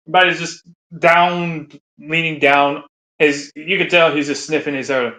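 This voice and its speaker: A man's voice: a little high, measured pace, sharp tone. A man ranting casually, crude and rambling, with frequent laughter. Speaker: commentator. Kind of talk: casual rant.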